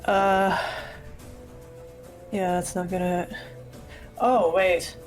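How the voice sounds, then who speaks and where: A woman's voice: fairly low pitch, flat delivery, very slow, soft background music, low-quality recording. Hesitant woman losing her voice. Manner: hesitant, full of fillers and laughs. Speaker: player. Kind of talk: casual tabletop game play.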